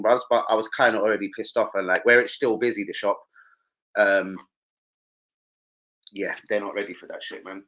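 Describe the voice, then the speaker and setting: A man's voice: mid-range voice, rough recording. Slangy, sweary man on a stream. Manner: animated, slangy and sweary, riffing to the chat. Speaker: football livestream host. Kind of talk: casual live-stream chat.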